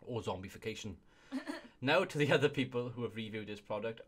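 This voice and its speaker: A husky, low-leaning voice with lively intonation belongs to a young man hosting a casual comedy video. He reads reviews at a fairly quick clip and keeps breaking into giggly laughter.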